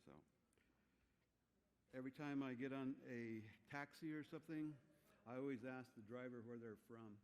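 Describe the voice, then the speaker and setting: A man's voice: medium pitch, steady tone, normal speed, pauses often, a little mellow, smooth. An older man from Arizona's Navajo Nation presenting an award at a banquet on a handheld mic, rambling and joking at his own expense. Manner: rambling, joking, self-deprecating. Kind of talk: informal banquet speech. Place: banquet hall.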